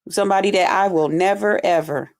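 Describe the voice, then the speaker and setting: A woman's voice: on the low side, a little fast. Blunt woman hosting a livestream chat. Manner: blunt, animated, mimics sounds and voices. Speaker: livestream host.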